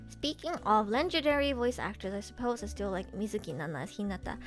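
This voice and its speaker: Young woman chatting on stream, excitable fan gushing, kinda high voice, laughs a lot. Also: moderate pace, faint music behind. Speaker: voice actress and streamer. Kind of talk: casual chat stream.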